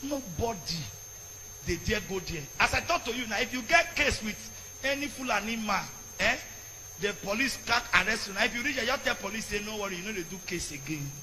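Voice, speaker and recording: Fiery high-voiced Nigerian preacher. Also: male voice, moderate pace, background noise. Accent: Nigerian, mixing in Pidgin. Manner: fiery, shouting in bursts. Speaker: Catholic priest. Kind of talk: impassioned sermon.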